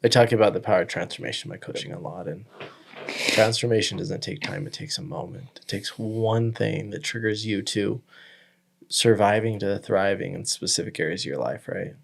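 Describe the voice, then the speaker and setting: A man's voice: fairly low pitch, moderate pace, vocal fry. A man hosting an interview and coaching talk, reflective and encouraging toward his guest. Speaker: podcast host and coach. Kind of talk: conversational interview.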